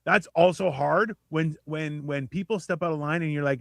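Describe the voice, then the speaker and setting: A man chatting casually on a podcast, swearing freely and acting out quoted exchanges with lively shifts. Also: fairly high pitch, normal speed, creaky, hardly any pauses, dry recording. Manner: profane, animated, acts out quoted exchanges. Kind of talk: casual chat.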